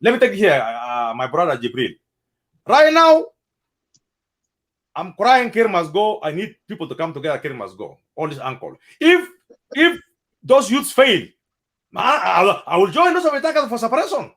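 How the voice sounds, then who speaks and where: South Sudanese male host, heated debate, rapid, swinging delivery, keeps repeating points for emphasis. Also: high voice, sing-song, fairly bright tone. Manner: impassioned, repeats himself for emphasis.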